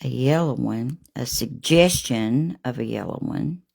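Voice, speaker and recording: A woman hosting a live painting demo, chatting warmly with viewers by name as she works. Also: rumbling low, measured pace, gravelly, slightly rough. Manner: homey and gushing, talks to viewers by name.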